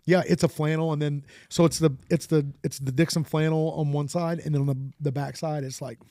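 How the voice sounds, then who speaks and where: A man with a gravelly, fairly high voice talks casually as a podcast co-host, rambling and restarting often. His voice is close and dry, with no room sound around it. He laughs easily as he talks. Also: fairly even intonation, brisk, mellow, dry recording. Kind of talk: casual chat.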